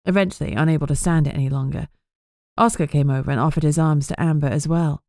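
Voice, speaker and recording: Low-pitched female narrator, measured first-person audiobook read, dry studio. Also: no echo. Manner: even, measured storytelling.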